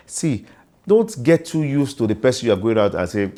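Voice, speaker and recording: A man's voice: medium pitch, expressive, fairly quick, mellow. A middle-aged man, an MC and comedian giving informal, repetitive career advice full of sayings. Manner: informal, repetitive, preachy with proverbs. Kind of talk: casual advice monologue.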